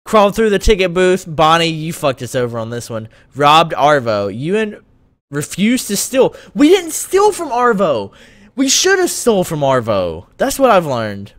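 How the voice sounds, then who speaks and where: A man's voice: on the high side, huge pitch swings, moderate pace, a bit bright. A male streamer giving live reactions to a game, exclaiming in disbelief.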